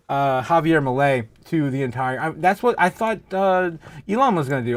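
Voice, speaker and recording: Man, livestream host, slightly high-pitched, giggly, rambling, casual chat. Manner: rambling and giggly, many fillers and laughs. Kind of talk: casual livestream chat, reading out viewer comments.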